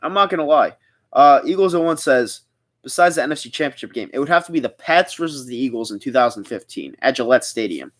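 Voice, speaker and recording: A man's voice: mid-range voice, animated, quick pace, a bit bright. A young man from the Philadelphia area hosting a casual livestream, rambling as he reads out viewer comments and answers them. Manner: chatty, rambling, reads chat aloud. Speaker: livestream host. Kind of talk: casual live chat reading comments.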